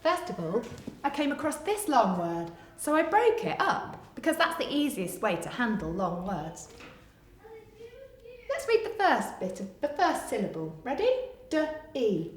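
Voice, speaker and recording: A woman's voice: fairly high pitch, normal speed. A woman, a primary teacher who reads a picture book aloud in a sing-song way and then gives a coaxing phonics lesson to young children. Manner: animated, sing-song storytelling, coaxing and encouraging. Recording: echoey room.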